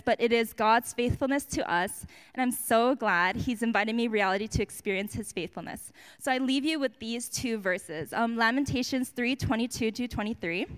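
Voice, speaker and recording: A woman's voice: fairly high pitch, fairly bright tone, clear, resonant tone. A woman giving a personal testimony at a church service, chatty and self-mocking, with lots of fillers and restarts.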